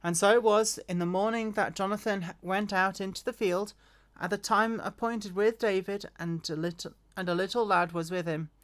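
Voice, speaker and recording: A woman's voice: mid-range voice, steady tone, normal speed. Woman reading scripture aloud, unpolished. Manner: unpolished reading with frequent restarts and self-corrections. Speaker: scripture reader. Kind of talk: reading a Bible passage aloud.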